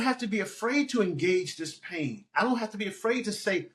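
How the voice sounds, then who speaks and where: A man, a pastor and musician, talking on a podcast in an emphatic, preacherly way, quoting scripture and acting out talking to his own feelings. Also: fairly quick. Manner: emphatic, animated swings in pitch. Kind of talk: conversational podcast interview.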